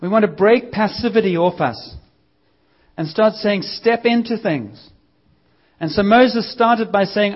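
A man with a high voice preaches to a congregation in a bold, conversational way and slips into lively quoted voices. The sound is dull and a little lo-fi. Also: normal speed. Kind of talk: sermon. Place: church service.

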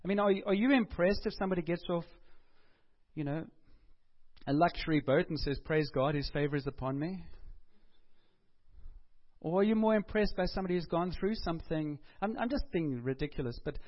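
A man's voice: high-pitched, expressive, brisk. A man preaching a sermon in an earnest, conversational way, asking his listeners rhetorical questions. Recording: dull lo-fi recording.

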